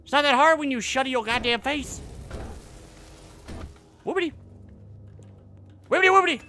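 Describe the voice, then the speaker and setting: A man doing gameplay commentary, loud and profane, shouting at enemies and making silly nonsense sounds. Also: very high voice, moderate pace, slight background noise. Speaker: gaming streamer.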